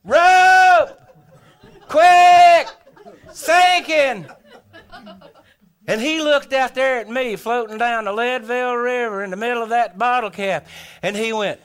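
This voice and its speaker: A man telling a humorous tall tale in a folksy, animated way, acting out his own thoughts aloud. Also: extremely high pitch, normal speed, clean tone. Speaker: storyteller.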